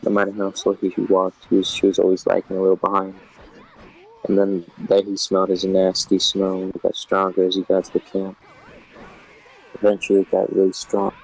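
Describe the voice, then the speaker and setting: A man reading a scary story aloud in a casual, flat delivery, swearing often. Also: sits low, normal speed, creaky, rough recording.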